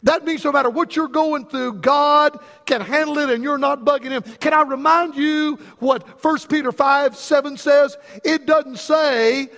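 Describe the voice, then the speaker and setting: High-voiced preacher in a reverberant hall. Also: male voice, fairly even intonation, measured pace, hardly any pauses, a bit bright. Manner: folksy storytelling preacher, calls out to the congregation. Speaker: pastor. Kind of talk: sermon.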